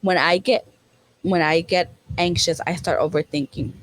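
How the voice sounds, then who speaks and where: A woman's voice: fairly low pitch, moderate pace, no echo, poor audio. Fields: Sex: woman. Role: podcast co-host. Style: candid chat. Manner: blunt, swears freely, switches into Spanish.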